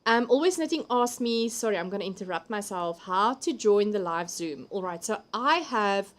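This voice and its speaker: A woman's voice: medium pitch, lively intonation, moderate pace. A South African woman hosting a live crafting stream from home, chatting casually, laughing often and reading viewer comments aloud. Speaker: livestream host.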